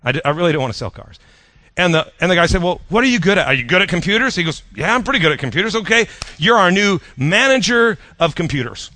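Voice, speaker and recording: Folksy male preacher, bright forward tone, close dry recording. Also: high voice, very animated, quick pace, no echo. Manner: folksy, conversational with rhetorical questions to the audience. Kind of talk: sermon storytelling.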